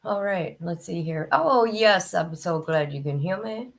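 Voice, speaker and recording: Woman streamer, hoarse and gravelly, loose chatty delivery, greets her regulars by name. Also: fairly low pitch, animated, measured pace. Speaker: livestream host. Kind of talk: casual chat to live viewers. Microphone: new desk microphone, headset off.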